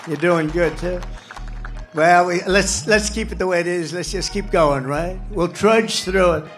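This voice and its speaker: A man with a high voice speaks into a stage microphone at a rally. He rambles off the cuff and hammers his points by repeating short phrases, while faint music plays behind him. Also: a little slow. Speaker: political candidate speaking at a rally. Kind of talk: campaign rally speech.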